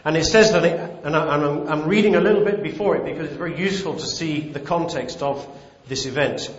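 A man delivers a sermon, reading scripture and then expounding on it with emphatic, repeated phrases. His voice sits slightly high for a man. The recording is roomy and dull, with a lo-fi tone. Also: fast. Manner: emphatic, repeats key phrases, swells on important words. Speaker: preacher.

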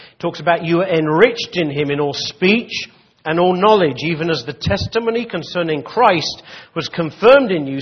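A man's voice: a little high, husky, dull audio. A man preaching a sermon in a conversational way, full of restarts and "you know" asides, reading and explaining scripture. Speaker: pastor.

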